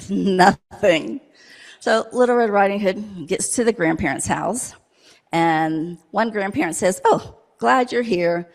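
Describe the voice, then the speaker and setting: A woman's voice: medium pitch, slow, gravelly, long pauses. Playful woman telling a children's story. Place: church sanctuary.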